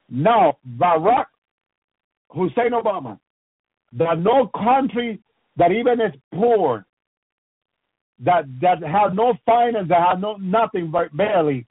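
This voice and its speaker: Man, radio preacher, fervent, repetitive, husky, dry close sound. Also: fairly high pitch, no echo. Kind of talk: impassioned sermon on a radio program. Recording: dry, phone-like radio broadcast.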